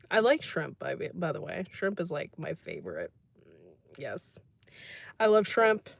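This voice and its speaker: A woman's voice: deep voice, wildly swooping pitch, slow, creaky, pauses often, no room sound. A woman hosting a casual livestream, chatting, laughing often and reading out comments from the chat. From United States. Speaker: livestream host.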